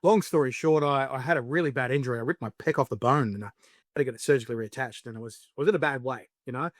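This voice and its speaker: An Australian man who creates a spicy food show appears as a guest in a casual podcast interview, talking quickly in a mid-range voice. He's chatty and tells stories packed with fillers and acted-out quotes, captured in a dry, studio-quality recording.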